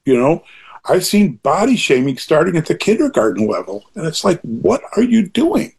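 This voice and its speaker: An older man with a husky voice, talking in an earnest, rambling way with many restarts in a reflective conversation. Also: on the high side, big pitch swings, moderate pace, darkish tone.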